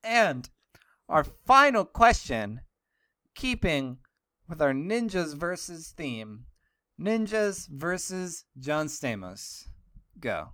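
A man's voice: fairly high pitch, big pitch swings, takes it slowly, bright, forceful tone, no echo, studio quality. A young man hosting a comedy podcast, joking and laughing as he chats with his co-hosts. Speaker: podcast host. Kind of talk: casual comedic chat.

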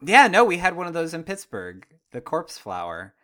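Man, podcast co-host, casual banter, deadpan humor, bright tone. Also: a little high, moderate pace. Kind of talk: casual chat.

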